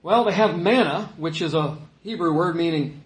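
Conversational preacher in an echoey room. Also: male voice, high voice, brisk, hardly any pauses. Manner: conversational, joking asides, animated emphasis. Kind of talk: sermon.

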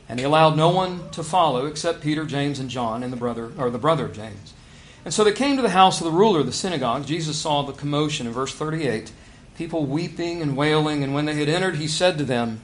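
A man preaching a sermon, swinging between loud emphasis and quiet asides and asking his listeners rhetorical questions. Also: fairly high pitch, very animated, a little fast.

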